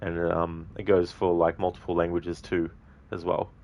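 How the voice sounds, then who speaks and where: A man's voice: sits low, flat delivery, normal speed, dull audio. An Australian man streaming a video game, chatting casually and rambling with many fillers. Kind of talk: casual commentary.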